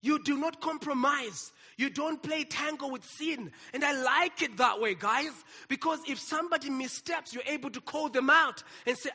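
A man's voice: very high-pitched, moderate pace, hardly any pauses, sharp tone, big-room sound. A man, preaching a sermon and calling out to his congregation. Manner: exclaims and calls out to the congregation. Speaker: pastor.

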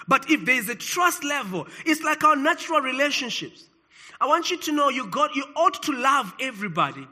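A man from South Africa preaching a sermon as pastor, swinging between emphatic rises and sudden soft drops. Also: very high voice.

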